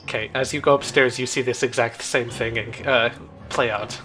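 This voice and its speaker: A man's voice: medium pitch, steady tone, moderate pace, bright, forceful tone, faint music behind. A man running a tabletop game as game master, narrating the scene with dramatic sound effects.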